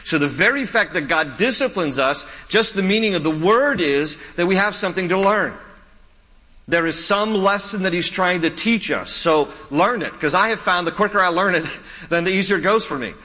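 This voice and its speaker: A man's voice: sits high, animated, normal speed, bright, forceful tone. A man preaching a sermon as a pastor, emphatic and repeating key lines, with humorous storytelling asides. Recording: long reverb of a large hall.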